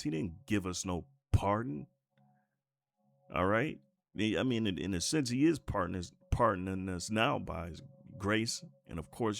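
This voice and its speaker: A man's voice: low voice, creaky. A man preaching a sermon in a casual, conversational way, reading scripture aloud and often restarting his sentences.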